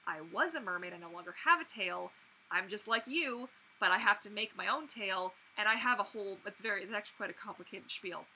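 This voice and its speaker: A young woman hosting a casual livestream, chatting to viewers in an animated way with many fillers and restarts. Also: mid-range voice, fairly quick, poor audio. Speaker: mermaid performer and livestream host. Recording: faint background noise.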